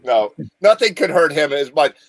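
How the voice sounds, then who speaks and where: A man's voice: a little high, sing-song, moderate pace, fairly bright tone, a little hiss or hum, poor audio. A man hosting a live video show from a home green-screen setup, rambling through jokey stories. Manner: joking, rambling storyteller. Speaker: show host. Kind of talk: casual chat on a live video call.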